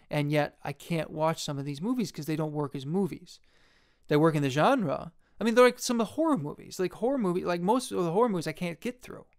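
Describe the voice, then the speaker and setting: A young man, an independent filmmaker, talking in a jumpy, self-deprecating ramble, laughing often and jumping suddenly into a high squeak. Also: gravelly, clear, resonant tone.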